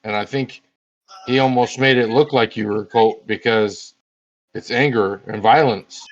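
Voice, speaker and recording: A man's voice: on the low side, unhurried. A man playing in a tabletop game, talking in a plain, matter-of-fact way. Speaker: player. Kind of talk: casual tabletop game chat. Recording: dull dry lo-fi audio.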